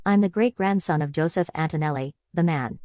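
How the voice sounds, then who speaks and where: A woman's voice: sits low, brisk, mellow, no room sound, studio quality, natural voice. A woman voicing a huge, menacing mobster in an audiobook, mocking and formal. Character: massive menacing male mob enforcer, coldly polite.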